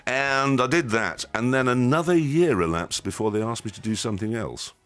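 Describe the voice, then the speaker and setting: A Yorkshire man in his fifties chats as a radio guest, jokey, rambling and self-deprecating. His medium-pitched voice is expressive and a bit bright, moving at a moderate pace.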